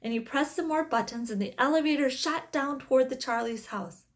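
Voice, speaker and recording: A woman's voice: sits high, fairly quick. A woman reading a children's book aloud in plain storytelling, with small slips now and then. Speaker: reader.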